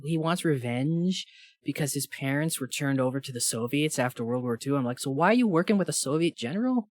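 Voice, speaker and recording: A man co-hosting a podcast in casual chat, talking animatedly and jumping high when he voices his own thoughts. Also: fairly quick, no room sound, clean studio sound. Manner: animated, rising into high-pitched asides. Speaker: podcast co-host.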